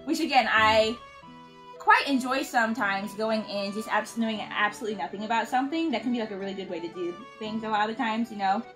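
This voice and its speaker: A woman's voice: fairly high pitch, fast talker, over music, poor audio. A woman hosting a casual chat, chatty and often laughing. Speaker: host.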